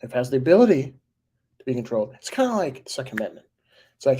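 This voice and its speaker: A man's voice: mid-range voice, sing-song, quick pace, long pauses, warm tone, slightly rough. A man in his forties talking casually on a live stream, answering viewer comments in a rambling way with fillers and chuckles. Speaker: livestreamer reading viewer comments.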